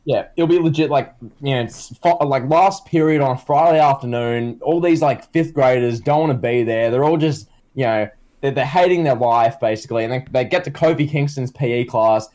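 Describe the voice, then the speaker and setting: A man's voice: medium pitch, moderate pace, hardly any pauses, darkish tone. Rambling, joking male podcast co-host. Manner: rambling, filler-heavy, joking. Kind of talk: casual comedic chat.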